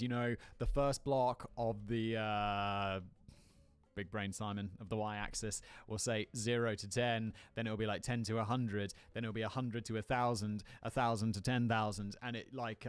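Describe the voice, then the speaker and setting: A man's voice: mid-range voice, clear, resonant tone, no echo. A man hosting a comedic commentary video, reading a script with casual, sweary, rambling asides. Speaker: video host.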